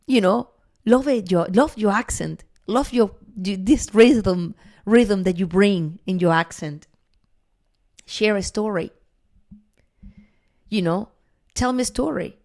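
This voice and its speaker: A woman speaks as a guest in a podcast conversation, earnest and encouraging. Her voice sits at a middle pitch for a woman. She pauses often with soft fillers while she gathers her thoughts.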